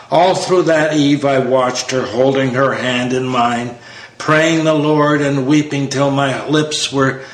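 A man's voice: mid-range voice, fairly bright tone. A man giving a dramatic poetry recitation in a grieving, declamatory manner. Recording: roomy echo.

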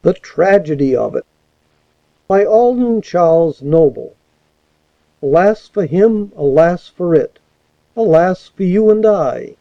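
A man with a high voice reading comic verse slowly in a mock-solemn manner. The recording is dull and lo-fi. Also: animated, no room sound. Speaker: volunteer audiobook reader.

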